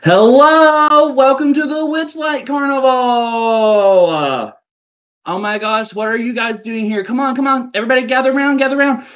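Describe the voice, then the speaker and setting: A man voicing a tall, excitable male carnival owner who squeaks and sobs frantically in a lo-fi recording. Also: normal speed. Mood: excited. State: sobbing, hyperventilating.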